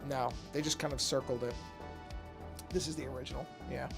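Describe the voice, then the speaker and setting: A man's voice: medium pitch, steady tone, fairly quick, gravelly, music in the background. A middle-aged man chatting casually on a live art stream as he paints, thinking aloud with many restarts and yawning now and then. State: yawning often. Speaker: artist streaming his work.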